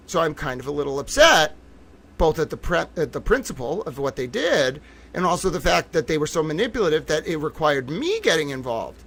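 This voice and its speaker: A man's voice: a little high, sing-song, a little fast. Giddy, ranting man streaming news. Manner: giddy and sarcastic, swinging to loud profane outbursts. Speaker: livestream host reporter. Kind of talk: ranting livestream commentary.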